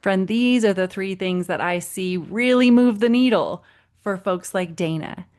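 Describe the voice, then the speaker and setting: A woman's voice: mid-range voice, unhurried. A woman parenting coach hosting a solo podcast episode, speaking in an encouraging, friendly way and acting out quoted lines. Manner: warm, encouraging, acts out quotes with animated voices.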